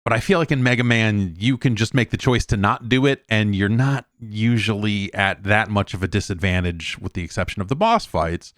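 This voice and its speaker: Host: middle-aged man, lowish voice, dry close sound, loose rambling review delivery. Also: normal speed, few pauses, fairly bright tone, dry recording. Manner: rambling, conversational, lots of restarts and asides. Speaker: show host. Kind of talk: casual solo game review talk.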